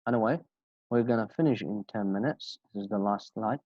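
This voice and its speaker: A man's voice: on the low side, dry recording. Guy running an online english class, says every example twice, muffled call audio. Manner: slow, repeats example phrases, asks students questions. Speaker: English teacher. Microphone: video call. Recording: dull lo-fi video call audio.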